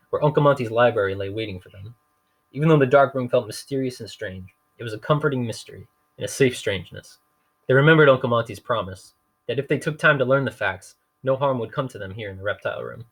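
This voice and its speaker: A man's voice: medium pitch, fast talker. A man reading a novel aloud in a dry, wry storytelling manner. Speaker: reader.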